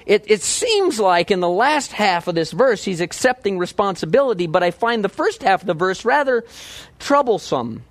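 A man preaching a verse-by-verse sermon in a conversational, animated way, often asking his listeners questions. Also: sits high, moderate pace, dry recording. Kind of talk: expository sermon.

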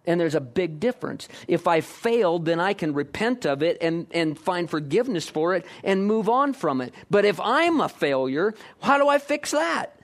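A male pastor delivers a sermon with a somewhat high voice. He presses his points with repeated rhetorical questions, often rising in pitch and loudness. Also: very animated, moderate pace, hardly any pauses.

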